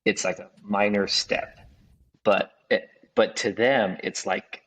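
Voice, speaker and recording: A man's voice: fairly low pitch, steady tone, slow pace, fairly bright tone, low-quality recording. A man who runs a custom home building business, speaking reflectively in casual conversation and often restarting his sentences. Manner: reflective, restarts often, acts out clients' voices.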